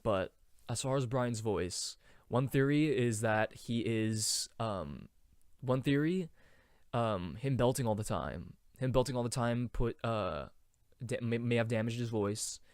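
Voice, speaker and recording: A young man hosting a casual solo podcast, rambling with many fillers and now and then trying out falsetto singing. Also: unhurried, a little mellow, no room sound, clean studio sound. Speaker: podcast host.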